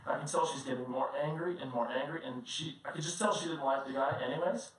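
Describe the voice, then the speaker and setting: A man preaching a sermon as a pastor, telling personal stories in a conversational, animated way and often laughing as he talks. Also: medium pitch, quick pace. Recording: very echoey room, distant mic, faint noise.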